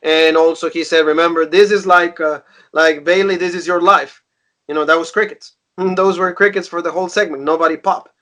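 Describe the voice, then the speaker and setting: A man's voice: fairly high pitch, fairly even intonation, brisk, a bit bright. A man co-hosting a casual wrestling review, recapping in a rambling way with many fillers. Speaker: podcast co-host.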